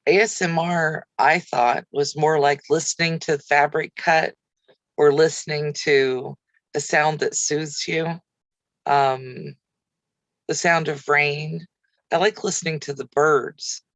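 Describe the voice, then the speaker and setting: A woman's voice: deep voice, fairly even intonation, slow pace, no echo, low-quality recording. Chatty woman answering live viewers. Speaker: craft channel host. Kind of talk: casual livestream chat with viewers.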